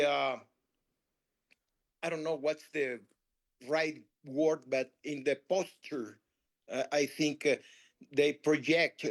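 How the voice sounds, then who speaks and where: A man in a workshop answering hesitantly, searching for words and clearing his throat. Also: on the high side. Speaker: workshop participant. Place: workshop room.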